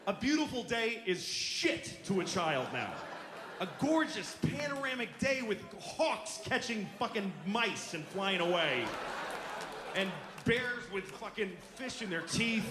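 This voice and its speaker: A man's voice: sits high, background noise. A man doing a stand-up comedy routine on stage, ranting in an exasperated, profane way.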